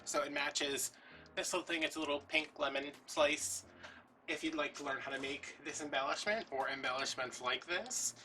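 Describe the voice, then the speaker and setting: A man's voice: fairly high pitch, normal speed, a little hiss or hum. A man chatting in a rambling, filler-heavy way while he works on a craft project at home. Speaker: crafting YouTuber. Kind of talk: casual chat while crafting. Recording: distant mic with soft background music.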